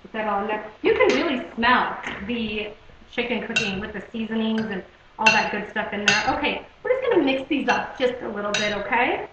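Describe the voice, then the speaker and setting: Young woman, bright high voice, casual cooking host who keeps checking in with "okay?", taped in a roomy kitchen with faint hiss. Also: lively intonation, fairly quick. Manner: chatty, repeats "okay?" and "guys". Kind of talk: casual home cooking demonstration. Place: home kitchen. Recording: echoey, dull home video recording.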